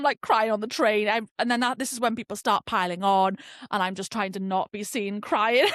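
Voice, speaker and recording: Animated woman, podcast host. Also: on the high side, no room sound, clean studio sound. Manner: animated, chatty, swears freely. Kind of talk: casual storytelling monologue.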